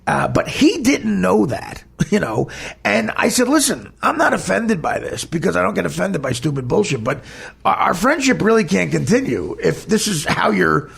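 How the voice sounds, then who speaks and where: A podcast host with a high, husky voice and a heavy gravelly fry tells a personal story. His pitch swings widely as he rambles bluntly and swears freely. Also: sing-song, normal speed, a bit bright.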